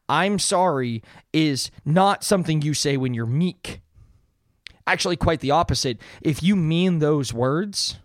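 A man's voice: on the high side, dry recording, studio quality. A man in his thirties hosting a casual solo podcast, talking earnestly in a rambling way with many fillers and restarts. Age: 30s. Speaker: podcast host.

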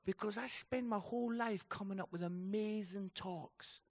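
A man's voice: sits high, normal speed. A man preaching at a conference, telling a story and building to a passionate call. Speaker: speaker. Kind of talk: conference sermon. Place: conference hall.

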